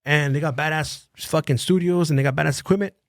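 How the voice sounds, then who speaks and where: A man's voice: on the high side, fast talker, dry recording, clean studio sound. A man on a podcast, ranting heatedly, swearing constantly and repeating phrases. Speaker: podcast guest. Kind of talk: casual profane rant. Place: podcast studio.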